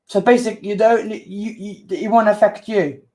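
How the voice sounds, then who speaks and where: A brisk, high-pitched man co-hosts a livestream where the chat has gotten heated. Defensive throughout, he repeats himself and keeps saying "calm down."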